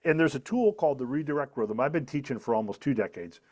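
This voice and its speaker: His mid-range voice is expressive, fast, and a little mellow as this middle-aged author and speaker explains a method during a podcast interview. The tone is earnest and emphatic, like a lesson, with key points repeated for emphasis.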